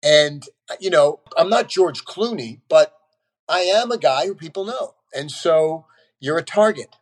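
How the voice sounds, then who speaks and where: A man's voice: a little high, unhurried. A man, a guest on a podcast, telling candid stories bluntly and swearing casually. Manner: blunt, animated storyteller who swears casually. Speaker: actor guest.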